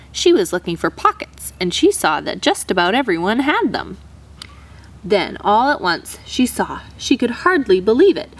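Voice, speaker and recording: A woman teacher reading a children's storybook aloud in an expressive, animated way. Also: fairly high pitch.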